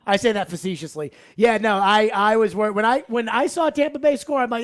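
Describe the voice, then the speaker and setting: Male sports radio host, lively and punchy, mid-range voice. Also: sits high. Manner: energetic, shifts from loud openings to quick asides.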